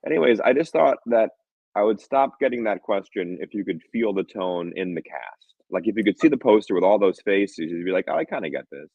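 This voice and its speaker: A man with a deep, low voice chats as a film director in an interview. He tells animated stories, acting out the quotes and laughing often. The sound is dry and a bit dull, like a modest lo-fi setup. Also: brisk, vocal fry, no room sound. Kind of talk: casual interview talk.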